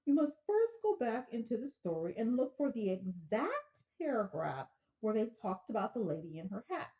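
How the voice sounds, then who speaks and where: A woman voicing a confident, seasoned expert on the phone who talks slowly and patiently to calm a caller. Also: fairly high pitch, poor audio. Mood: reassuring. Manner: slow, patient, reassuring, deliberate.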